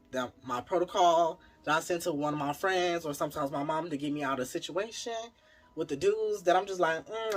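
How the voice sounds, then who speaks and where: A man telling a wild personal story in a casual, profane style, talking straight to his viewers. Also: a little high. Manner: animated, profane, talks to viewers as y'all.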